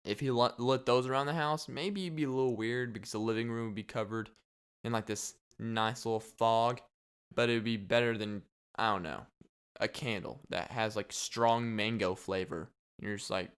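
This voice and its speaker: Smooth-voiced young man joking around. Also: fairly low pitch, fairly even intonation, normal speed, a bit bright. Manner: rambling, joking, laughs often. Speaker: podcast host. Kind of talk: casual solo podcast monologue.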